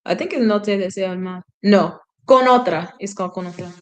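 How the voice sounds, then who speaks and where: A woman's voice: mid-range voice, fairly quick, a little hiss or hum. Chatty woman learner, reading aloud. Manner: chatty, self-correcting, laughs at herself, drops into sung snippets. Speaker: language learner streaming a reading session. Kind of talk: casual live-stream reading and translating.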